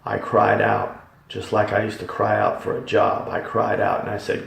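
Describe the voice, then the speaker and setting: A man giving a dramatic Christian testimony, emphatic, swinging from hushed tones to loud ones. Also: on the low side, completely flat delivery, normal speed, gravelly. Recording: echoey hall, voice from far off.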